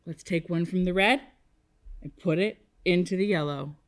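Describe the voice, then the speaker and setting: A woman teaching a kindergarten math lesson on television, leading the children in slow sing-song call-and-response counting. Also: fairly low pitch.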